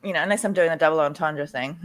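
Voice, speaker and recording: A woman's voice: sits low, fairly quick. A woman in a recovery meeting, speaking candidly and rambling a little, laughing now and then. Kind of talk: casual recovery group chat.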